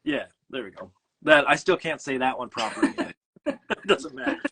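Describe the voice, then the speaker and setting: A man's voice: on the high side, very animated, normal speed, bright, forceful tone, husky, poor audio. A man with a Midwestern American accent hosting a casual livestream chat, rambling and correcting himself with jokes. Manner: rambling, self-correcting, jokey. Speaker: host.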